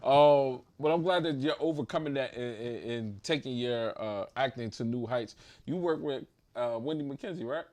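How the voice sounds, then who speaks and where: A man in his thirties from New Jersey hosting a podcast interview, energetic and laughing, his voice bursting loud during stories. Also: mid-range voice, moderate pace, hardly any pauses. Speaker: podcast host. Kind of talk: casual interview chat.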